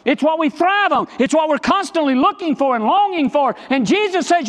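Male pastor, high voice, emphatic repetitive sermon delivery, long church reverb. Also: animated, normal speed, few pauses, a bit bright. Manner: emphatic, repetitive preaching, swinging between low and high. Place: church sanctuary.

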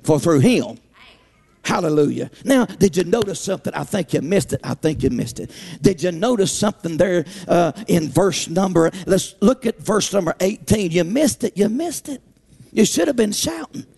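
A man preaches with fervor, his phrases rising into half-sung cries and shouts. His voice sits very high and carries a gravelly edge. The sound rings through a large hall with faint music underneath. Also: expressive, moderate pace. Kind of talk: sermon. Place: church.

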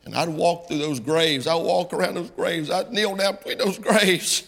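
A middle-aged man preaching a sermon in a folksy style that climbs into impassioned, shouted passages. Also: on the high side, steady tone, moderate pace, gravelly, long reverb tail.

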